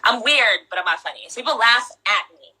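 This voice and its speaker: A woman's voice: on the high side, expressive, fairly quick, bright, forceful tone, slightly rough, low-quality recording. A young woman chatting as a guest in an interview, playful and self-deprecating, laughing often. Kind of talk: casual interview chat.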